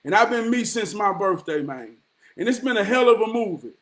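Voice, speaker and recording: A man in his forties giving an impassioned, profane motivational monologue, dropping to hushed murmurs and then rising to shouts. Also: high-pitched, animated, brisk. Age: 40s. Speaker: motivational vlogger.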